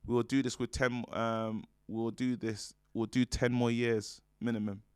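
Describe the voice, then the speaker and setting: A man's voice: mid-range voice, flat delivery, normal speed, darkish tone, smooth, no room sound, clean studio sound. A man co-hosting a football fan show, reading viewer comments in a jokey, stumbling way with many fillers. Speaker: fan channel co-host.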